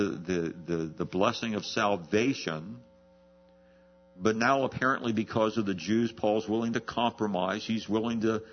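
A pastor preaching an expository sermon, asking rhetorical questions and slowing down to stress key words. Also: male voice, on the low side, highs cut off.

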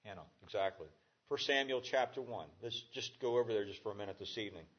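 A man preaching a conversational sermon as a pastor, halting with fillers and restarts. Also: lowish voice, muffled recording.

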